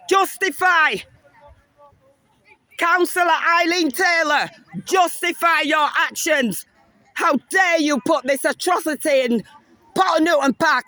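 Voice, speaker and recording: A man's voice: extremely high pitch, bright, forceful tone, no room sound. A man protesting outdoors in a park, filming on his phone, accusing and repeating his demands with passion. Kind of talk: live confrontation filmed on phone. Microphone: handheld phone camera.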